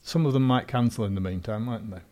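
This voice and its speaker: A man's voice: mid-range voice, fast, a little mellow. Chatty man co-hosting radio. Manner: chatty, laughs often, hesitant fillers. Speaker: radio co-host. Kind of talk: casual chat.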